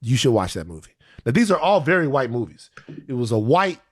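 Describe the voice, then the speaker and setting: A man co-hosting a podcast in casual chat, animated and profane, ranting with energy. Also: medium pitch, a little fast. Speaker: podcast co-host.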